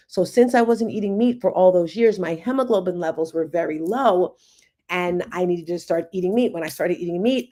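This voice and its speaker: A woman in her fifties hosting a casual livestream, telling personal stories in a chatty, animated way. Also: lowish voice. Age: 50s. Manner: chatty, animated storytelling with laughs. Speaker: livestream host, confidence coach. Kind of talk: casual group livestream talk.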